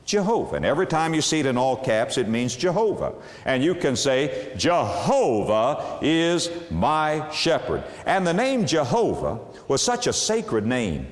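A male preacher delivers a sermon with lively, sweeping intonation. He leans hard on single words and slows down to stretch them out. His voice carries a long reverb, as if it were heard in a large church. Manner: emphatic, with sweeping pitch swings and drawn-out words.

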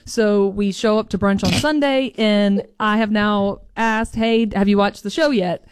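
A young woman, co-hosting a podcast, an animated storyteller who laughs often. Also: mid-range voice, a little slow, clean tone, no echo. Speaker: podcast co-host. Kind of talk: casual chat.

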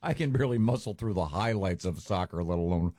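A man hosting a radio talk show, making wry, deadpan jokes. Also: sits low, fast, no room sound, clean studio sound. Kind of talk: casual morning radio banter.

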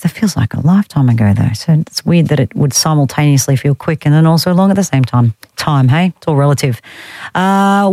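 A woman's voice: sits low, a little mellow, no room sound. An Australian woman hosting talkback radio, chatting in a wry, teasing way and reading out listener texts. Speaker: radio host. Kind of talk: casual talkback radio chat. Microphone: studio microphone.

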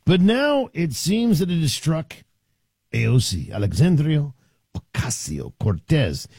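A man's voice: on the high side, big pitch swings, a little slow, creaky, darkish tone, slightly rough, no room sound. A middle-aged man hosting a talk radio show, delivering an opinionated, sarcastic monologue in a conversational way.

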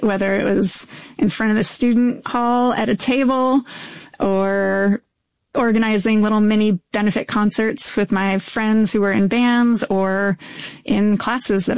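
A middle-aged woman activist narrating her past in a brisk, earnest, reflective way. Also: medium pitch, creaky, darkish tone, no echo.

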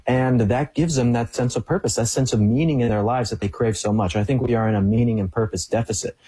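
Fast-talking young man, dark husky voice. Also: mid-range voice, rough recording. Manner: storytelling, animated when quoting others. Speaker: guest. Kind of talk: casual interview talk.

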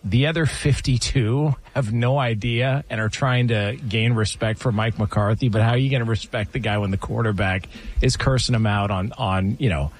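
A man's voice: fairly low pitch, moderate pace. A man hosting a sports radio show, chatting casually and telling stories with frequent laughter. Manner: animated storyteller, laughs often.

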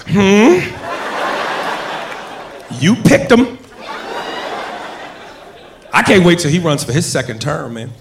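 A man performing stand-up comedy with a punchy delivery and occasional shouted lines. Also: a little high. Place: comedy club stage with audience. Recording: roomy club with crowd noise.

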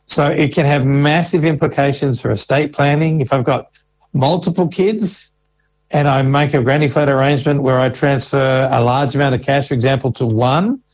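A man's voice: medium pitch, fairly even intonation, normal speed, poor audio. A man, an information officer answering interview questions patiently and walking through examples step by step. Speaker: Services Australia financial information officer.

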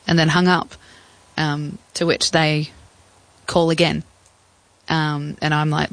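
A young Australian woman recounting a personal story as an interview guest, reflective and halting with fillers. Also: sits low, flat delivery, no echo, poor audio.

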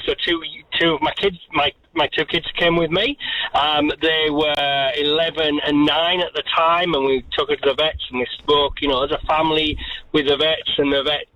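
A man's voice: a little high, pushed and bright, muffled recording. A man in his forties calling a talkback radio show by phone, telling an earnest story and acting out the voices of the people in it. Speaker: caller.

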